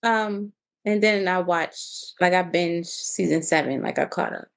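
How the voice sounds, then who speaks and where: A woman co-hosting a podcast, chatting casually about a reality show and often pausing to search for words. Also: fairly low pitch, creaky. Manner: hesitant, searching for words, many ums. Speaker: podcast co-host. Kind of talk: casual reality-TV recap chat.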